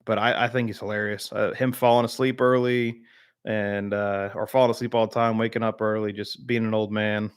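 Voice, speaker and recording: A man's voice: fairly low pitch, flat delivery, a little fast, clean tone. A man from the American South hosting a casual live-stream chat, rambling with many fillers and replying to viewers by name. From Southern United States.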